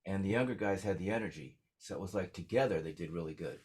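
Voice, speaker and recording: A man's voice: low-pitched, fast, a little mellow, breathy edge. A man telling stories as a songwriter guest in a casual interview, rambling with lots of fillers.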